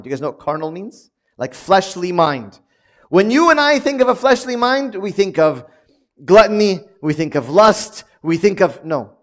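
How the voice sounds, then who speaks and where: A man, a priest, preaching a sermon with animated swings from loud emphatic lines to quiet asides, acting out quoted voices and repeating phrases for emphasis. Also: on the high side.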